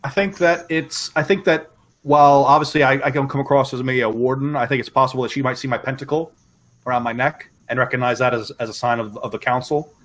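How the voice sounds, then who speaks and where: A man playing a tabletop game, explaining his character's actions in a halting way with frequent restarts. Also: mid-range voice, fairly even intonation, fairly bright tone, poor audio. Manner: halting, many restarts and repeats. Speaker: player. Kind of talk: casual tabletop play.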